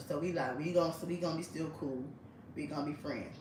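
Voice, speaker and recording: A young woman telling a story in a casual storytime monologue. She talks in an animated way, laughs often and acts out the voices of the people in her story. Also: low-pitched, fast, background noise. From United States. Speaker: storyteller host. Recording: roomy, mic at a distance.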